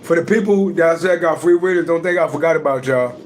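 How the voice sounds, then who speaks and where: A man's voice: fairly high pitch, quick pace, slight background noise. A man, hosting a livestream and talking bluntly and emphatically with heavy profanity. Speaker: livestream host, astrology reader. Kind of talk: casual livestream talk.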